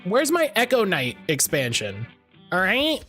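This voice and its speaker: A man's voice: sits high, huge pitch swings, measured pace, bright, forceful tone, soft background music. Chatty guy streaming a game, jokey and repeats himself, voice jumps around a lot. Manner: rambling, self-repeating, joking. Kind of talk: live game-stream commentary.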